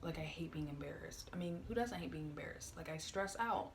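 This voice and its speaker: Young woman, low voice, chatty, exasperated storytime vlog, noisy recording with clicks. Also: a little fast, creaky. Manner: chatty, filler-heavy, exasperated. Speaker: vlogger.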